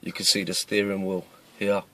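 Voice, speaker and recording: Cockney man, thirties, low voice, plain-spoken self-defence vlogger talking from his car. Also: completely flat delivery, moderate pace, pushed and bright. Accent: East London Cockney. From East London, England. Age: 30s. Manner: earnest, plain-spoken, repeats himself with restarts. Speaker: self-defence video maker. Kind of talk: casual talk to camera. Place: inside a parked car.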